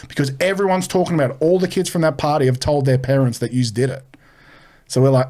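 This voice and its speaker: A man's voice: medium pitch, fast. Man telling a rowdy story. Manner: animated, swearing, acts out the people in his story. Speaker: podcast guest. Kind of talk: casual storytelling.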